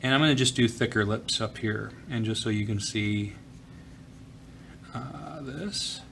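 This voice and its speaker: Relaxed man narrating a drawing lesson. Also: on the low side, a little slow, creaky, noisy background. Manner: relaxed, talks while drawing, frequent fillers. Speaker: art teacher. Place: school office.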